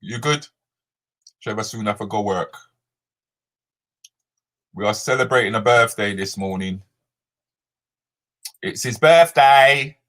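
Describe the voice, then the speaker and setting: Guy hosting a live chat, mixed in, bright forward voice, ribbing everyone. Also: fairly low pitch, a little slow, long pauses. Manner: banters with viewers by name, slips into Jamaican patois. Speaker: comedian host moderating a live chat. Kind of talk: casual live-stream chat reading comments.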